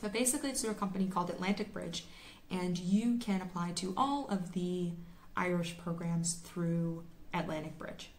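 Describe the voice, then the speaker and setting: A woman's voice: lowish voice, fairly even intonation, moderate pace. A woman in her twenties from the United States, a medical student vlogger giving a chatty, casual explanation to camera.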